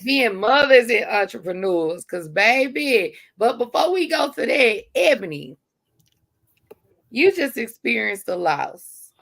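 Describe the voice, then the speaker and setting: Slow, gravelly-voiced woman host. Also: fairly high pitch, very animated, a bit bright. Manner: earnest, encouraging, with conversational fillers. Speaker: podcast host. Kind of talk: heartfelt casual chat.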